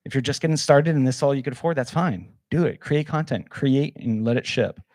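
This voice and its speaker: A man leads a workshop in a loose, energetic way, holding up gear as he talks and leaning on fillers. His voice is warm and mellow and sounds close and dry. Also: mid-range voice, a little fast, dry recording. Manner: casual, energetic, demonstrates gear, many fillers. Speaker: workshop presenter. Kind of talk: live workshop talk.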